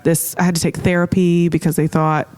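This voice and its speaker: A woman's voice: on the low side, little pitch movement, brisk, a little mellow, clear, resonant tone. A woman in her late twenties from Florida, a podcast guest telling her life story with candor, acting out what she and others said. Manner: earnest, emotional, acts out her own and others' words. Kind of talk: candid personal storytelling.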